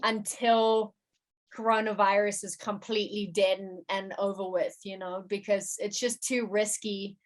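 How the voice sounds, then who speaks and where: A woman's voice: medium pitch, little pitch movement. A woman musician and producer chatting in an interview, often restarting her sentences with fillers. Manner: halting, many restarts and fillers. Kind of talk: casual interview chat.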